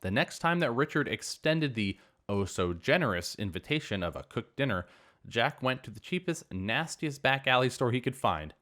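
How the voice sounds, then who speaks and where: A man reading online revenge stories aloud as a narrator, with an animated, expressive delivery. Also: mid-range voice, normal speed. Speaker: story narrator.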